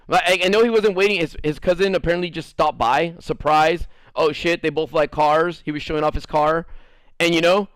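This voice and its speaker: Young male streamer, fairly high voice, dry close sound, animated and profane, rambling casual storytelling. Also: brisk, no echo. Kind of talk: casual storytelling while gaming.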